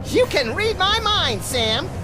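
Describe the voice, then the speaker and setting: A woman's voice: extremely high pitch, very animated, slow pace, over music, exaggerated voice. A woman voicing a manic, gleefully violent little rabbit-like sidekick in a video game, wisecracking hyperactively.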